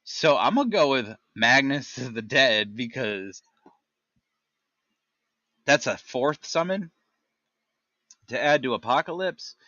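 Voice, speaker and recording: A man's voice: mid-range voice, sing-song, bright, forceful tone, no room sound, highs cut off. A man hosting a casual gaming chat, reading talent descriptions aloud and stumbling over the odd name. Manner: reads tooltips haltingly, stumbles on names. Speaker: gaming podcast host.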